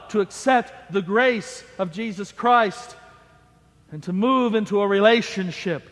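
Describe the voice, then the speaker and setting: A man's voice: sits high, takes it slowly, a bit bright. A man preaching a sermon as senior pastor, emphatic and dramatic, building to ringing declarations. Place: church sanctuary. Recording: long reverb of a church sanctuary.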